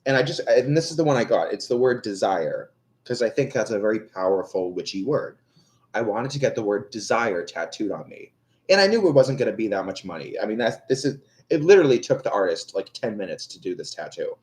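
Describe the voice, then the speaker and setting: A young adult man reads tarot on a livestream, rambling casually and ranting in an exasperated way with frequent swearing. His voice is on the low side, sing-song, fairly quick, and darkish in tone.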